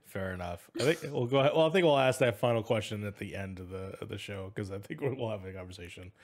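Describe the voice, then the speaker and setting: A man's voice: lowish voice, fairly quick. A man co-hosting a casual podcast, enthusiastic, rambling and laughing as he talks. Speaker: podcast co-host.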